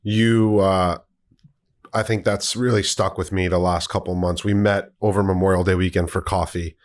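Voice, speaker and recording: A man's voice: low-pitched, level tone, normal speed. A young man hosting a podcast, friendly and leading his guest through the talk. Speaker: podcast host. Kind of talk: casual interview chat.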